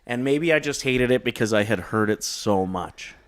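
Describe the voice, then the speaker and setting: A man's voice: medium pitch, lively intonation, moderate pace. Joking man co-host, rambling talk. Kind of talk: casual morning show banter.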